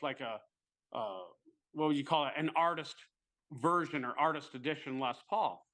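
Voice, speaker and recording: A man with a bright, somewhat high voice tells a rambling story in casual chat. He is animated and lively, and he swears freely.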